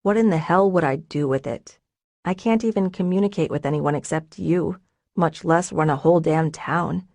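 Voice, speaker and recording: A woman reading a troubled, withdrawn young man in an audiobook, speaking quietly and bitterly. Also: sits low, normal speed, no echo. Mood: anguished. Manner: bitter, self-blaming, quiet. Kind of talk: audiobook character voice.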